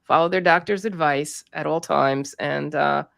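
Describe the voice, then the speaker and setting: A woman's voice: low-pitched, unhurried, vocal fry, a bit bright, no echo, studio quality. A woman co-host of a talk show, speaking carefully and disclaiming in casual chat.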